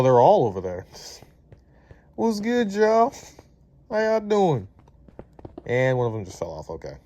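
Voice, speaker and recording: A man's voice: fairly low pitch, warm tone, slight background noise. A young man from Maryland with a Baltimore accent, chatting casually through a video while getting sidetracked and laughing at his own slips. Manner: chatty, distracted, laughing at himself. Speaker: vlogger. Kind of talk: casual commentary over gameplay.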